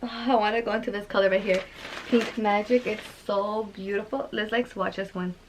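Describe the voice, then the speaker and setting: A woman's voice: mid-range voice, fairly even intonation, a little fast, a little hiss or hum, poor audio. A young woman vlogging an unboxing, gushing over each item with gasps and lots of fillers. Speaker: beauty vlogger. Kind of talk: excited unboxing vlog.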